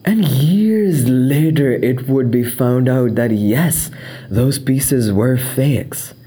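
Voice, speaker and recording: A young man, hosting a reflective monologue podcast, musing aloud, slipping into Urdu phrases and dropping into hushed whispers. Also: medium pitch, drawn-out words, husky. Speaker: podcast host.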